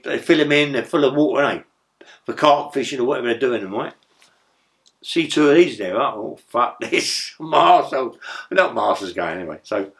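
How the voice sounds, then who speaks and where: An older man, telling rough stories in a rambling, profane way as an interview guest. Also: mid-range voice, a bit bright. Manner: rambling, profane, tag questions like "yeah?". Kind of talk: storytelling in a casual interview.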